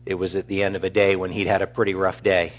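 Middle-aged male pastor, low voice, earnest eulogy delivery. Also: little pitch movement. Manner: earnest, measured, warmly storytelling. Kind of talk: funeral eulogy.

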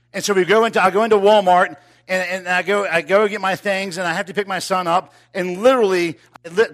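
A man preaching, telling a personal story with animated, rising delivery that drops to quiet, intimate moments. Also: high voice. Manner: animated, builds to loud excited telling. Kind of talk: sermon storytelling.

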